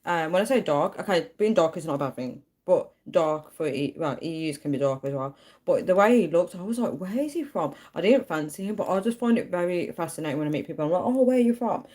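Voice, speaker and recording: A young woman telling a story casually on a livestream, chatty and animated. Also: sits low, fast talker. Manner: chatty, animated, acts out quoted voices. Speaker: live streamer.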